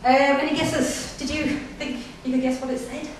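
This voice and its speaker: Speaking steadily at a normal speed in a high-sitting voice, a woman who investigates the paranormal gives a casual public storytelling talk during a display day in an old gaol. She chats, checks in with the crowd and laughs a lot, recorded from a distance in a very echoey space with faint hiss.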